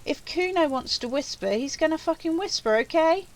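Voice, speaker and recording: A woman voicing a scrappy, touchy young boy in a video game, gruff and swearing. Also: high voice, animated, normal speed, a little hiss or hum, voice pushed up, rough recording. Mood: defiant.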